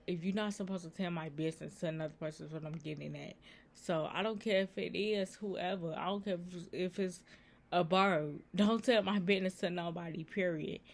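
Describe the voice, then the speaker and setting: A woman's voice: fairly low pitch, fairly quick. A woman giving earnest, repetitive faith advice in a casual vlog, talking straight to her viewers. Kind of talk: casual Christian encouragement vlog.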